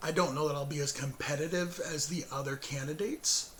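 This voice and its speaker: A hoarse man hosting his own show, giving a casual, rambling spoken update with fillers, self-corrections and chuckles between sentences. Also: on the high side, fairly even intonation, a little fast, slight background noise.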